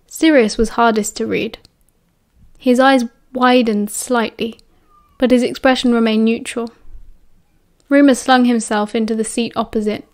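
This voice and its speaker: A woman with a British accent narrating an audiobook with a steady, expressive reading. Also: a little high.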